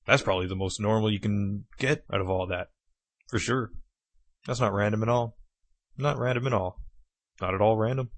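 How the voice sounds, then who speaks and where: Male voice actor, lower voice, playful, riffs on his lines in outtakes. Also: normal speed, long pauses. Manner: playful, riffs by repeating lines with silly swaps. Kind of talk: goofing around in recording outtakes.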